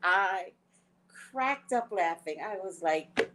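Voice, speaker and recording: A woman hosts a casual spiritual talk. Her pitch swings widely as she tells stories unhurriedly. She laughs often and acts out her own thoughts. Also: big pitch swings, slow, fairly bright tone, a little hiss or hum, poor audio. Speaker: psychic reader and show host.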